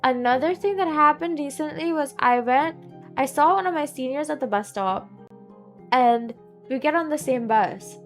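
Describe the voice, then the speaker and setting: Woman, twenties, Southeast Asian accent, chatty rambling storyteller, higher voice, quiet music behind. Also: normal speed. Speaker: streamer. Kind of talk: casual chat while gaming. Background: faint background music.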